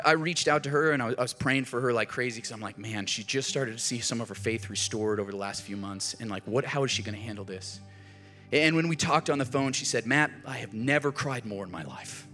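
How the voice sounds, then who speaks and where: A middle-aged male pastor preaching with lively, animated delivery. He swings between forceful emphasis and hushed, quiet moments while telling stories. Faint music sits underneath his voice. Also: a little high. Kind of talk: sermon.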